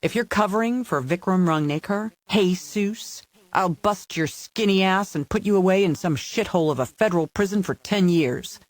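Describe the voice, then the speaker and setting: A man's voice: sits high, brisk, hardly any pauses, no room sound, natural voice. A man voicing a domineering male federal agent who talks in a threatening, mocking way. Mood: menacing.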